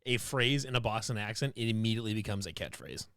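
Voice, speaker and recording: Brief: male co-host, giggly and rambling, lively pitch, dry close sound. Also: fast talker, clear, resonant tone, no echo. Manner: giggly, rambling, repeats himself. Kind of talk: casual chat while streaming.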